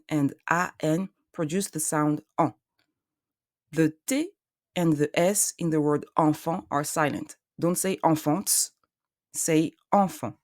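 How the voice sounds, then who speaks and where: Slow, low-voiced woman teaching pronunciation. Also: darkish tone, no echo, clean studio sound. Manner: patient, explains step by step, sounds out syllables. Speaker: French teacher. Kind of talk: slow, careful pronunciation lesson.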